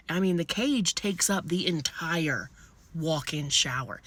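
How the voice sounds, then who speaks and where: A woman telling a comic personal story in an animated, blunt way, swearing freely. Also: lowish voice, moderate pace, no echo.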